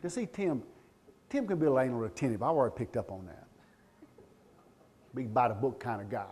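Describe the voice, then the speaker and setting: A man, giving a live training talk as a law enforcement trainer, animated and joking, calling out questions to the crowd. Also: medium pitch, fairly quick, slight background noise. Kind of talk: live seminar talk to an audience. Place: room with a live audience.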